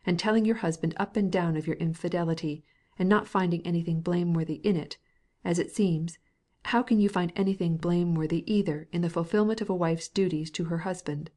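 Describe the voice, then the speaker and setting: A woman's voice: on the low side, steady tone, brisk, warm tone, lightly acted. A woman voicing a cold, formal, resentful middle-aged husband in an audiobook, speaking in a clipped, cold way.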